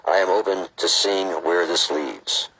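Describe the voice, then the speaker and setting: A man reading aloud as a calm, gentle AI presence that is open and curious, in a slow, soothing delivery. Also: sits low, gravelly, slightly rough, full character voice, poor audio. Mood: serene.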